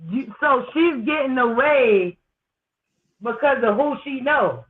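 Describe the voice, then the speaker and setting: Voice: high voice, slow. A co-host chiming in with short reactive comments in a casual chat. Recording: tinny phone-like line.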